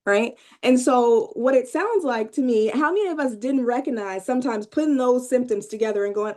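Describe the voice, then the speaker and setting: A woman with a fairly high voice leads a workshop, chatting directly with her listeners and tossing them questions. She tags many of her points with "right?" and lifts her voice when she acts out what people tell her. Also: brisk, hardly any pauses, a little mellow. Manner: conversational, asks the audience questions, frequent "right?" tags; acts out clients' inner voices with rising pitch. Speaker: workshop presenter, therapist trainee. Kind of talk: live workshop talk to room and video call.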